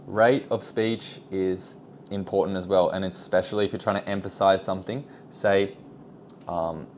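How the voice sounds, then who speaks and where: Low-voiced young man rambling casually. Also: steady tone, normal speed, a little mellow, slight background noise. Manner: rambling, self-deprecating, trails off into asides. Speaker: vlogger. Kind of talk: casual self-improvement vlog.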